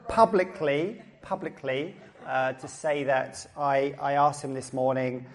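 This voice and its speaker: Chatty Essex pastor preaching a sermon. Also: male voice, medium pitch, steady tone, measured pace. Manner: chatty, joking, repeats phrases. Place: church service.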